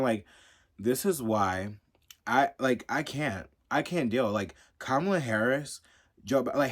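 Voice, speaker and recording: A man ranting angrily and cursing constantly in a casual vlog monologue. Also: mid-range voice. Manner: profane, heated, ranting. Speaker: commentator. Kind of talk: angry rant vlog.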